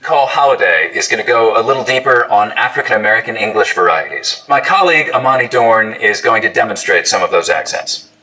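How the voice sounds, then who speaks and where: A man giving a scripted explanation of accents in a clear, teaching manner. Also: fairly low pitch, expressive, a little fast, bright, forceful tone, distant mic, poor audio. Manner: clear, didactic, demonstrates sounds. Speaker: accent coach.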